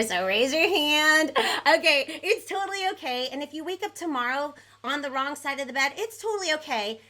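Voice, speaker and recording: Bubbly, bright-voiced woman hosting for kids. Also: on the high side. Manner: bubbly, animated, counts along and cheers the audience. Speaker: host of a live online kids' music show. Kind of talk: energetic hosting for children. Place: home in Los Angeles. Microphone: headphones on, live stream.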